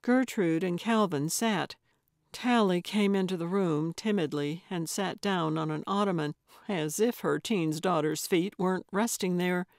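A woman narrating a cozy mystery audiobook in a measured, unhurried reading. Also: fairly low pitch, a little mellow, dry recording, studio quality. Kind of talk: scripted narration.

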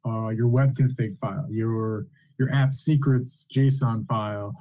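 A young man presenting a technical talk over a video call, speaking in a measured way with frequent fillers. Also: on the low side, steady tone, dark tone, low-quality recording. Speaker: guest speaker.

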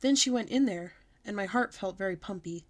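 Woman storyteller, expressive read-aloud of a children's book. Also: medium pitch, brisk. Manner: lively, expressive storybook reading.

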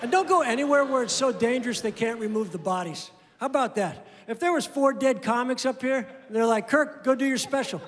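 Deadpan male stand-up with a very high voice, recorded live in a reverberant club with audible room noise. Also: fairly quick, few pauses. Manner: deadpan storytelling, acting out both sides of phone calls. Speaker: stand-up comedian. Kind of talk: stand-up comedy set. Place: comedy club stage. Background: audience laughter and room ambience.

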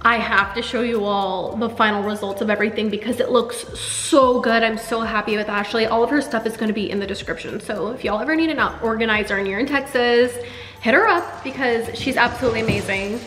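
A woman vlogger giving an excitable, chatty tour of her own home. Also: a little high, a little fast, faint music behind. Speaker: lifestyle vlogger. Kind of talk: casual home tour vlog.

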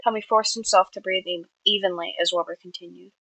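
A woman's voice: lowish voice, fairly even intonation, brisk, pushed and bright, no room sound, rough recording. A woman reading her own story aloud, with small slips and self-corrections. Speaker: amateur writer.

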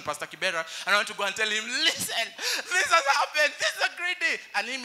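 Young Kenyan male pastor, animated sermon delivery, high and bright. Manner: animated preaching, switching between English and Swahili.

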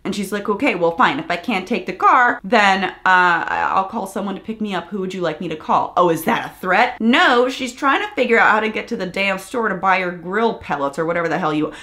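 Woman commentary vlogger, fired-up and exasperated, mid-pitched, swears freely. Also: animated, brisk, hardly any pauses, sharp tone. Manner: angry, exasperated, swears a lot. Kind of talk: ranting video commentary.

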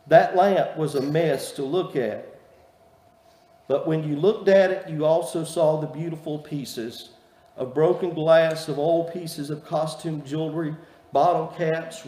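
Folksy preacher, a bit higher voice, long hall reverb, storytelling sermon. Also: male voice. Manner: folksy storytelling, warm and earnest. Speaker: pastor. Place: church sanctuary. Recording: echoey church hall reverb.

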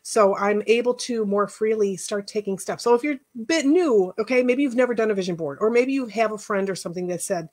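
A woman's voice: medium pitch, brisk, hardly any pauses, darkish tone. A middle-aged woman life coach giving a casual workshop talk, earnest and emotional, chatty with many asides. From Northwest Indiana, United States.

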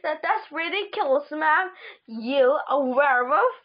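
A woman's voice: high-pitched, lively intonation, a little slow. A woman reading a panicky schoolboy's lines, stammering and frantic. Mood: nervous. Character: panicky schoolboy narrator, Zack. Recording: dull lo-fi recording.

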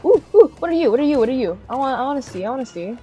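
A young woman playing a video game and reacting out loud, giggling often and shrieking with excitement. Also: high voice, very fast. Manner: giggly, excitable, squealing exclamations. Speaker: gamer. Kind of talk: casual gameplay commentary. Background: game music.

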